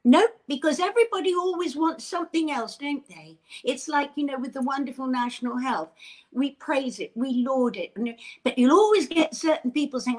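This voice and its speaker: A woman's voice: high-pitched, moderate pace. Bubbly, effusive older woman. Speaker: interview guest. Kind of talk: casual chat.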